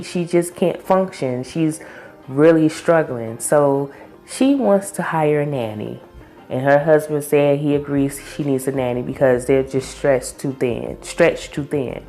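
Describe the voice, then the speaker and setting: Low, mellow-voiced woman vlogger. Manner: chatty, opinionated, slangy. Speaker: recap vlogger. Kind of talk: casual TV recap chat.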